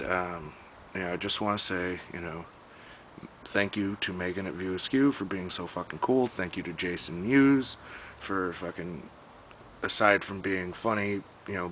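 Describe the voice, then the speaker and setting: A man's voice: sits low, bright, forceful tone, a little hiss or hum, rough recording. A young man telling a story in a casual, profane, exasperated rant.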